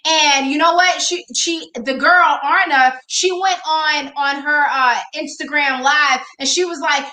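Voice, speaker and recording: Outspoken woman host, high bright voice, echoey room, quick to laugh and exclaim. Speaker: show host. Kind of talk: casual livestream chat.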